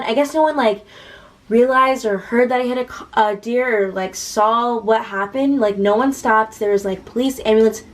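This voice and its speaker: A woman's voice: medium pitch, rough recording. A young woman in her late teens casually telling a personal story to her vlog audience, full of "like" and quoted back-and-forth dialogue. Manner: chatty, heavy use of "like", retelling with quoted dialogue. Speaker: vlogger.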